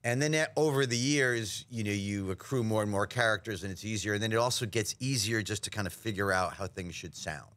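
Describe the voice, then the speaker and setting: A man from New York, a voice actor guest telling animated stories in a casual interview, slipping into impressions. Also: fairly low pitch, a little fast, hardly any pauses. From New York, USA. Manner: animated storyteller, slips into impressions.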